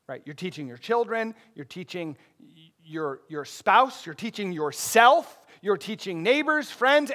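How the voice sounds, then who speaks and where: Casting: male pastor, higher voice, easygoing sermon delivery that swells into emphatic points. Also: a bit bright. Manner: conversational preaching, rising emphatic bursts, asks congregation questions.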